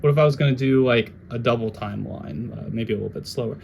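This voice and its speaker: A man giving a casual jazz guitar lesson, talking in a relaxed, conversational way and now and then scatting melodies. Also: medium pitch, quick pace, creaky, muffled recording.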